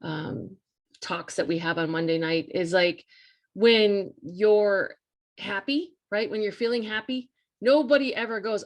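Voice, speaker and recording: A woman's voice: mid-range voice, unhurried. A woman hosting a live coaching talk, speaking in a casual, earnest and emphatic way that repeats key points and speaks straight to her listeners. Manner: earnest, emphatic and repetitive, addresses listeners directly.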